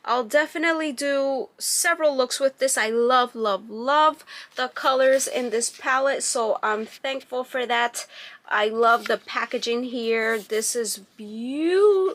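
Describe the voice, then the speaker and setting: With a voice that sits high and sounds a bit bright, a woman vlogger goes a little slowly through a beauty box unboxing. In this casual review she reads product labels aloud and enthuses over the packaging.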